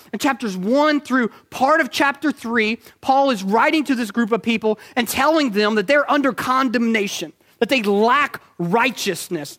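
A man preaching a sermon, emphatic, asking rhetorical questions and slowing down to stress key points. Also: very high-pitched, fairly bright tone.

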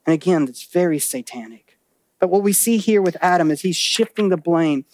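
A man with a notably high voice delivers a church sermon, close and dry with no room sound. He talks animatedly, acting out little quotes and voices, then sinks into a lower, grave tone for warnings. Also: lively intonation, normal speed, darkish tone, dry recording. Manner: drops to a low, serious tone for warnings. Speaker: pastor.

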